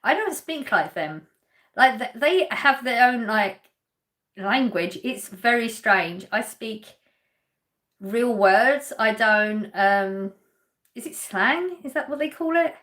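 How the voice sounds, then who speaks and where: Chatty Englishwoman from Essex, high voice. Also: expressive, slow, a bit bright. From England. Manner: chatty, lightly laughing, answers chat questions directly. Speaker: live stream host. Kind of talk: casual chat reading out viewer comments.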